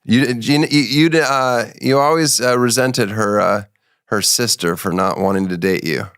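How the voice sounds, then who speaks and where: Middle-aged male comic host, deadpan and teasing, recorded dry and close. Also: mid-range voice, measured pace, smooth, dry recording. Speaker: podcast host. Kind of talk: casual comedic interview.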